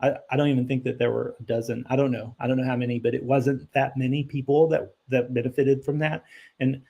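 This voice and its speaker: A man with a gravelly, creaky voice at an ordinary middle pitch hosts a live question-and-answer stream. He talks in a loose, conversational way, thinking aloud and correcting himself, and turns blunt and emphatic when he sets a misconception straight. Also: a little mellow. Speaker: immigration attorney hosting a live Q&A.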